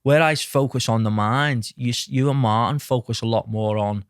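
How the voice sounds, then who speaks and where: A man's voice: medium pitch, normal speed, no echo. A middle-aged man tells stories on a podcast, calling the host "mate" and acting out what others said. His voice sits in a middle range, and the sound is dry and close with no room around it. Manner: lively anecdotes, acts out quotes, says mate a lot. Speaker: podcast guest, mindset coach. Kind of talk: casual storytelling chat.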